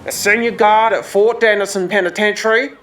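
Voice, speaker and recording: A woman's voice: mid-range voice, steady tone, fairly quick, fairly bright tone, slight background noise, voice pushed up, natural voice. A woman voicing a stern, militant male senior prison guard, commanding and clipped.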